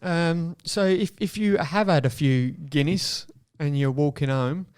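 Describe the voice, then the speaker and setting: A man's voice: a little high, measured pace, darkish tone, clear, resonant tone. A man with a Cockney accent and an Australian twang, hosting a podcast in a jokey, upbeat way. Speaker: podcast host. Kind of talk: casual podcast interview.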